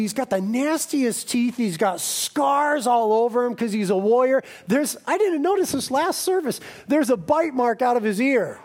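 Brief: high-pitched man preaching, lively, casual and joking. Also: slight background noise. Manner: animated, jokey, conversational preaching. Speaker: pastor. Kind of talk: sermon.

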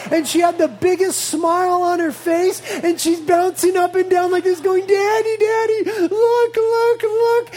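A man's voice: very high voice, darkish tone, husky. A man in his thirties, a pastor preaching a sermon, telling a family story with playful asides and earnest conviction.

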